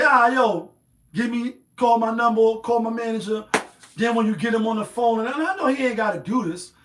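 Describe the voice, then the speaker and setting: A man's voice: high voice, fairly bright tone, echoey room. A man hosting a show, giving a rambling, profane, streetwise opinion monologue. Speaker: host. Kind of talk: casual monologue.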